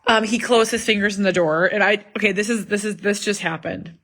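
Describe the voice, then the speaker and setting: A woman's voice: mid-range voice, fairly quick, fairly bright tone. A woman in her thirties talks through a family story at home in a loose, chatty vlog. She rambles, circles back and fills gaps with likes and ums. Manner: rambling, chatty, many fillers and asides. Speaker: vlogger, mother of an autistic son. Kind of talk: casual family vlog chat. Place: home in the evening.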